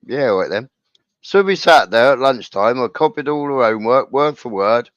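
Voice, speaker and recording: A man's voice: mid-range voice, moderate pace, no room sound. Middle-aged man, casual livestream storytelling, acts out quotes, dry close sound. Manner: animated anecdote-telling, acts out quoted dialogue. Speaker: streamer. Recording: dull lo-fi sound.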